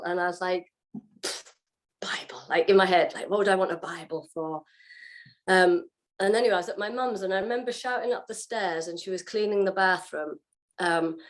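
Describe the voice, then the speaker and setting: A woman, a guest on an interview show, telling her personal story in a casual way and acting out her own past reactions. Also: mid-range voice. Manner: animated, acts out what she said and felt. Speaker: guest sharing her testimony.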